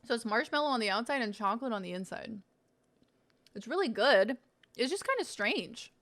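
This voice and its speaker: A woman's voice: fairly high pitch, expressive, brisk, fairly bright tone. A woman streamer chatting casually while she tastes snacks on a live stream, self-mocking and swearing freely.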